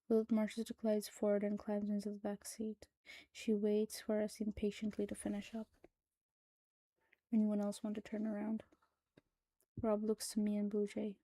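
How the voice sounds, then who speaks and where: A woman reads a horror story aloud in a hushed, soft-spoken voice that slips into whispers. Her delivery is flat and even, with a dark, mellow tone. The recording is dry and close. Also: mid-range voice, moderate pace, pauses often, no room sound, rough recording. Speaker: narrator. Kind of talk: scripted horror story reading.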